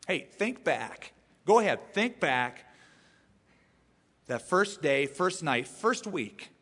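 A man preaching to a congregation in a lively, swooping voice that sits a little high for a man. He is playful and keeps acting out little quoted voices. His words ring out with the long reverb of a large hall. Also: breathy edge. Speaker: pastor. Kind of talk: sermon.

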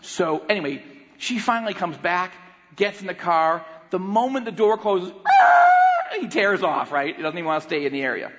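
A man preaching as a guest speaker, telling a story with animated acted-out voices. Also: high voice, a little fast, a little hiss or hum. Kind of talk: sermon. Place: church auditorium. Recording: long hall reverb, dull lo-fi sound.

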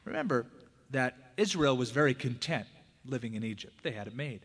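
A male pastor preaching a conversational sermon, with big swings between loud emphatic peaks and hushed, low asides. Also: a little fast, breathy edge. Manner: conversational preaching, acting out quoted prayers and dialogue. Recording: hall reverb.

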